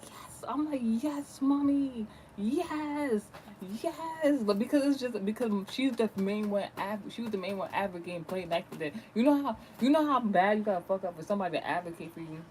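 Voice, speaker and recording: A man with a notably high voice, telling a gossipy story in a fast, animated rant. He swears freely and keeps a loose, conversational tone, with faint ambient hum behind him. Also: rough recording. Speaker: vlogger.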